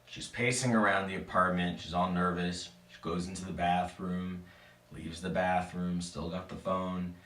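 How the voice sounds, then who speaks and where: A man's voice: low voice, flat delivery, normal speed, a bit bright. A man telling a spooky story in a casual, playful way, with asides to his listeners. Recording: echoey room, mic at a distance.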